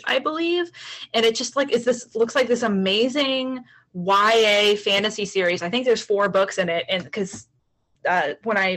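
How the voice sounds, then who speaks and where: A woman author in casual conversation, talking with bubbly enthusiasm and frequent laughter. Her voice sits at an ordinary middle pitch. She sounds like she is calling in from home. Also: fairly bright tone. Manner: chatty, laughs often, enthusiastic. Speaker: author and podcast guest. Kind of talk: casual chat. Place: home, Los Angeles.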